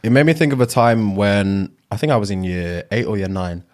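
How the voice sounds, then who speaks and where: A young man, co-hosting a podcast in casual chat, relaxed and chiming in with short agreements and laughs. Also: lowish voice, fairly quick. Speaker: podcast co-host.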